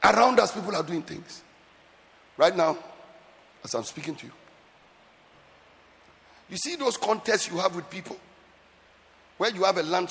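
A man preaching a sermon as pastor, swelling into shouts and sing-song cadences. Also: high voice, vocal fry. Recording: reverberant church hall with faint music.

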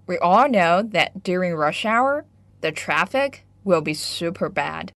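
A woman teaching English vocabulary and grammar, explaining slowly and clearly and moving between Chinese and English. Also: on the low side, lively intonation. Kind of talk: bilingual English lesson.

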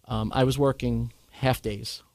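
A man's voice: medium pitch, a little slow, no room sound. Earnest man telling his story. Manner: earnest, animated when quoting others. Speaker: guest sharing his cancer story. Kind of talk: candid conversational storytelling.

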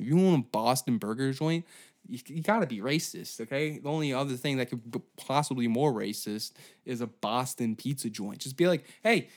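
A man hosting a comedy history podcast, telling the story in a crude, rambling way with sarcastic asides. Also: medium pitch. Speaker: podcast host.

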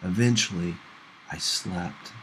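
A man reading a novel aloud for a class, with measured, gentle first-person narration. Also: deep voice, slight background noise, rough recording. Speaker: audiobook reader for a class.

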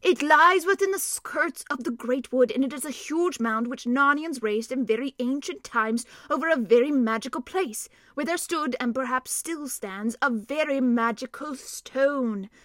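A woman's voice: sits high, measured pace, few pauses, a bit bright, dry recording, clean studio sound. A woman voicing an earnest, learned old male doctor who explains plans in an urgent way.

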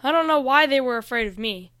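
A woman doing a young boy hero with an eager voice that climbs high and loud. The tone is bright and smooth, with a dry, close sound. It is part of a storybook read-aloud. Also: expressive, fast, no echo. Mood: urgent.

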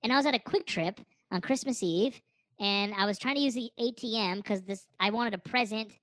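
A woman's voice: mid-range voice, a little fast, no room sound. A woman co-hosting a podcast who tells a rambling, jokey story, often cutting herself off and restarting. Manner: rambling, animated, jokey, self-interrupting. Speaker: podcast co-host. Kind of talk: casual comedic storytelling.

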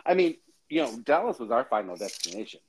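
Man, podcast co-host, casual chat, lively swooping pitch, dramatic storyteller. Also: quick pace, slight background noise, low-quality recording. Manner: animated storyteller, chatty, dramatic.

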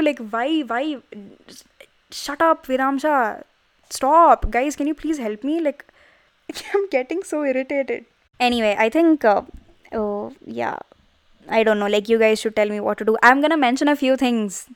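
A woman's voice: sits high, unhurried, no room sound. A young woman hosting her own podcast, rambling casually with lots of fillers, close to the microphone. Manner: rambling, lots of "like", animated self-talk. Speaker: podcast host. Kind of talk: casual solo podcast chat. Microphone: close studio microphone.

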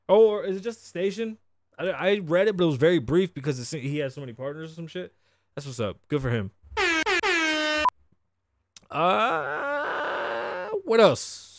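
A man's voice: fairly high pitch, very animated, normal speed, pauses often, a little hiss or hum. A man hosting a podcast, riffing on news in a casual, profane and opinionated way. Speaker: podcast host.

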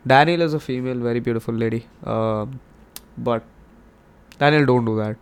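A man's voice: medium pitch, normal speed, clean tone. A young man hosting a podcast, talking in a hyped, rambling, jokey way and swearing often. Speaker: podcast host. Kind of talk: casual monologue.

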